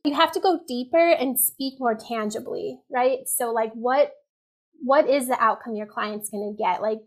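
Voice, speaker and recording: A woman talks through her advice in a relaxed interview, her voice sitting a little high. She fills her sentences with "like" and "you know", circling back and rephrasing as she goes. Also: normal speed. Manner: chatty, full of "like" and "you know", animated. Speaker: copywriting guest. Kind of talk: casual interview chat.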